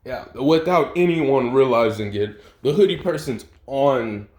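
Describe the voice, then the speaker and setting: A man's voice: medium pitch, expressive, unhurried, darkish tone. A man casually improvising a fan story, rambling with slang and swearing. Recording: echoey room.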